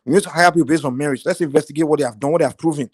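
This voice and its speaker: Nigerian man, high and fast, fired-up political commentator, dry close sound. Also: breathy edge, no room sound. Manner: animated, repetitive restarts, Nigerian Pidgin phrases. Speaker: panel participant.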